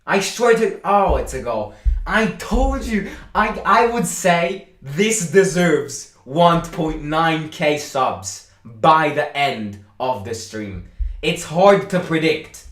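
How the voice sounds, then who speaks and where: A man hosting a live football watchalong stream, reacting excitedly to the match and chatting with his viewers. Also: a little high, takes it slowly, roomy sound. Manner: excitable, shouts and boasts at goals, chatty with viewers.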